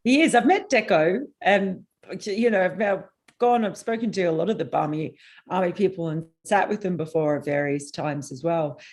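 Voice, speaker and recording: A woman guest on a casual cricket chat, giving animated, exasperated opinions. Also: fairly low pitch, normal speed.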